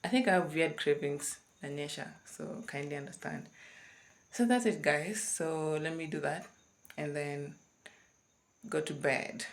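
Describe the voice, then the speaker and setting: A woman's voice: low voice, measured pace, creaky, slight background noise. A young woman, chatting casually in a vlog and switching between English and Swahili. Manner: mixes English with Swahili, bubbly and giggly when excited. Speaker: vlogger.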